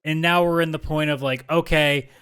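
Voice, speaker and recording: A man with a fairly high, smooth, resonant voice chats as a podcast co-host. He talks candidly and drops swear words casually as he goes. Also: steady tone, moderate pace, fairly bright tone. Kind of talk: casual chat.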